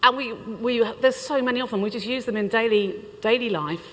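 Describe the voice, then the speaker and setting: A woman's voice: fairly high pitch, a little fast, a bit bright. A woman with a British accent giving a chatty, playful talk to a conference audience. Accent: British English. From United Kingdom. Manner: chatty and playful, laughs between lines. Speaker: conference speaker. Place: large conference hall. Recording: reverberant conference hall.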